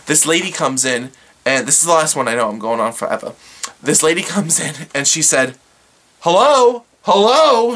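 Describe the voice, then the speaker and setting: A bright, clear voice that swings up and down a lot as this vlogger rambles through work stories. The delivery is sarcastic and exasperated. The vlogger keeps acting out what everyone said. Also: medium pitch. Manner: exasperated, sarcastic, acts out quotes; rambling with fillers. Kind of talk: casual storytelling to camera.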